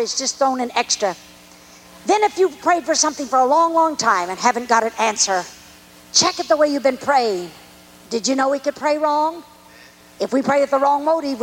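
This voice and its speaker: Very high-voiced older woman preacher. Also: fairly bright tone, slight background noise, low-quality recording. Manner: emphatic, repetitive preaching cadence that swings between high and low. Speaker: evangelist preacher. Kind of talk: sermon testimony.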